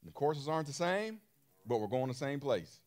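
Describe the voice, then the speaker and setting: A man's voice: mid-range voice, big pitch swings, moderate pace. A man preaching a sermon in an emphatic style, repeating phrases and throwing questions to his listeners, with features. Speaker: pastor.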